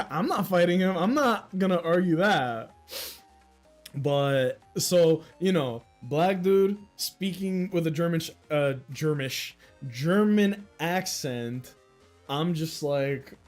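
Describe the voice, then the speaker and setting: Soft background music accompanies a young livestream host whose fairly high voice is expressive and slow. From the United States, he speaks Dominican-influenced American English, chatting casually with viewers, rambling through stories and laughing often.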